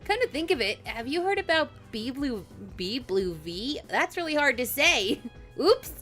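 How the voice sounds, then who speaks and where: A woman's voice: sits high, unhurried, soft background music, exaggerated voice. An actress voicing a cheerful, chatty teenage schoolgirl in a video game. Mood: curious. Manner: chatty, curious, excitable. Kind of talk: game voice acting.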